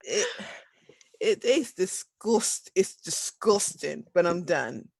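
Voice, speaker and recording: A tabletop game player who talks slowly and rambles through their moves with self-deprecating hesitations. The voice is at a middle pitch. The sound is dry and close. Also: expressive, creaky, darkish tone, no echo. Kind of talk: casual tabletop game chat.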